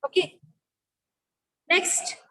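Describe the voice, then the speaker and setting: A woman's voice: drawn-out words, pushed and bright, rough recording. A woman teacher giving a phonetics lecture, explaining rules step by step and checking that students follow.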